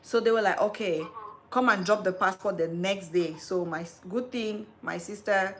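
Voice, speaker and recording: A woman in her thirties hosting a live stream, telling a personal story in an animated, chatty way. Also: medium pitch, moderate pace. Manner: animated storytelling, calls listener "girl". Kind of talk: casual live-stream chat.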